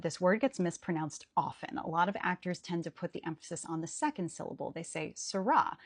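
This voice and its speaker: A woman teaching about Shakespeare, explaining with clear emphasis. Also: medium pitch, a little mellow, no echo, studio quality. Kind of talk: educational explainer.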